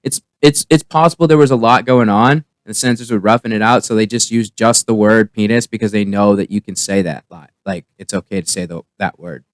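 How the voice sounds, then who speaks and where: A man's voice: on the low side, brisk, few pauses, no echo. A man giving a casual, rambling spoken review, often restarting his sentences. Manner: rambling, with many restarts and fillers. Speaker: TV comedy reviewer.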